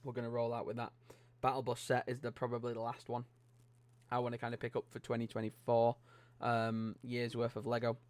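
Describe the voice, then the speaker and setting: A young man from Britain hosts a LEGO channel, bluntly railing against set prices and swearing casually in a British accent. His medium-pitched voice is recorded dry on a close desk microphone.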